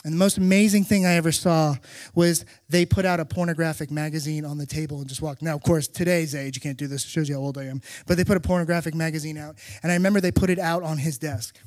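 A middle-aged man preaching a sermon, telling stories with animated, emphatic repetition. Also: a little high, fast talker, dry recording. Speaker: pastor.

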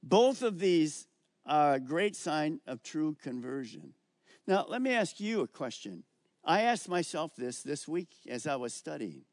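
A middle-aged male pastor preaching a sermon, emphatic and slowing down on key words as he reads scripture aloud. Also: fairly high pitch, sing-song, no echo, studio quality.

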